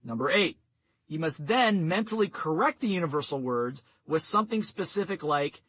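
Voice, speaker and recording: A man narrating a nonfiction audiobook in a steady, instructive reading voice. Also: a little high, moderate pace, poor audio. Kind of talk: scripted narration.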